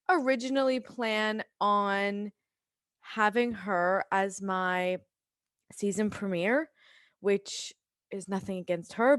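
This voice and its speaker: A woman with an Australian accent, hosting a podcast and chatting casually through an intro with loose, rambling asides. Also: medium pitch. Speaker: podcast host.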